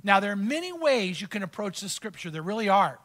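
A man's voice: high-pitched, big pitch swings, brisk, a bit bright. A male pastor preaching a sermon, reading verses aloud and teaching through personal stories in a conversational way.

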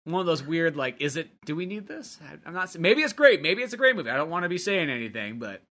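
Lively, hedging podcast co-host man. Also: fairly high pitch, fast. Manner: hedging, rambling, lots of fillers. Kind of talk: casual chat.

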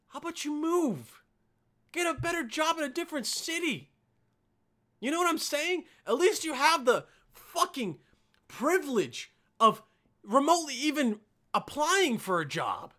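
This young man from Bosnia runs a casual podcast alone, delivering a swear-heavy, animated rant and calling the audience "dude" and "man." His pitch is extremely high and his pace moderate.

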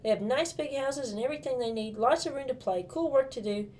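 A woman's voice: high-pitched, brisk, darkish tone. A woman reading a first-person storybook as a young girl, in a bubbly, gushing manner full of childlike enthusiasm.

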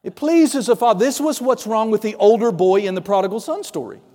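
A male pastor delivers an animated sermon, dropping to a hush and then rising to loud declarations. His voice sits fairly high. The sound carries a long reverb from a large church hall. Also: fairly quick. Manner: animated preaching, swinging between hushed and loud.

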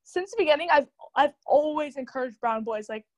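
Young woman guest, high voice, rapid animated casual talk, heavy "like" fillers. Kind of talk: casual chat.

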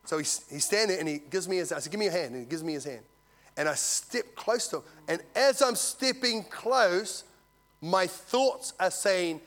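A man preaching a sermon, telling a story and swinging from loud to hushed. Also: high voice, lively intonation, normal speed. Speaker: visiting preacher.

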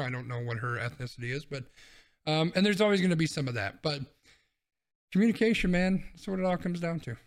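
Guy on a podcast thinking out loud, restarts a lot, slightly higher voice. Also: fast. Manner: reasoned, repeats words as he thinks. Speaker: podcast co-host. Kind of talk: casual chat.

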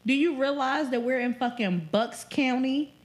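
Brief: pregnant young woman, co-host, raised pitch, profane animated storyteller. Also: moderate pace. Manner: profane, animated storytelling, quotes people often. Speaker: podcast co-host. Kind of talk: casual storytelling chat.

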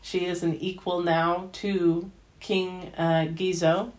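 Brief: female podcast host, low voice, unhurried, emotional film recap. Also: level tone, darkish tone. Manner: emotional, gushing, slow and deliberate. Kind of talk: casual film review monologue.

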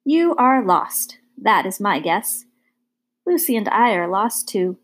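Courtly giant of a hobo with a dark beard, gentle and unhurried, put on by a woman narrator. Storybook read-aloud. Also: mid-range voice, very animated, slightly rough, heavily acted. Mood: kindly. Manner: formal, fond, unhurried speech.

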